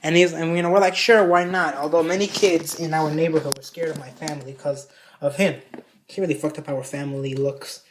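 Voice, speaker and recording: A man's voice: on the high side, steady tone, fairly quick, darkish tone, slight background noise. Rambling, foul-mouthed young man. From Mexico. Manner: rambling, heavy swearing, many fillers. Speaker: vlogger. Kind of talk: casual storytime.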